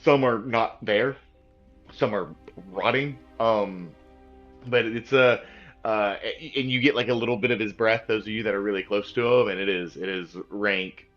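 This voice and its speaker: A man's voice: fairly low pitch, moderate pace. A man narrating a tabletop game as game master, rambling with many fillers and restarts. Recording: dull lo-fi sound with faint music.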